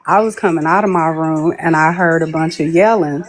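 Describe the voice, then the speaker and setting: A woman's voice: sits low, moderate pace. A woman, a guest on a live stream, telling a long story in a chatty way and acting out what people said. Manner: chatty, laughs while telling, acts out quoted people. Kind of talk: casual storytelling.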